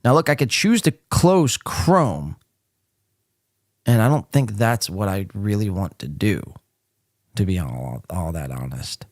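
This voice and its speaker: A man's voice: fairly low pitch, sing-song, measured pace, dry recording, studio quality. A man hosting a live podcast, talking casually with blunt sarcasm and frequent swearing. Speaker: podcast host.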